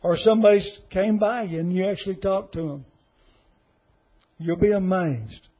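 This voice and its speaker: A man's voice: high voice, moderate pace, dull audio. A middle-aged man, an associate pastor giving an earnest, emotional testimony sermon. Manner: emotional, earnest, repetitive pleading.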